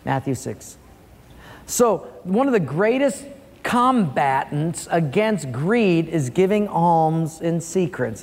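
A man's voice: a little high, slow, long reverb tail. A man preaching a sermon as pastor, telling stories and acting out voices in a joke. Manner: animated storytelling, acts out voices in a joke.

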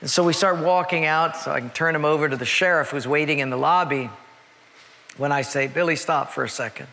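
A man's voice: a little high, a little fast, bright, forceful tone, big-room sound. A male pastor preaching a sermon in a church, telling a story in an earnest, emphatic way and repeating key words.

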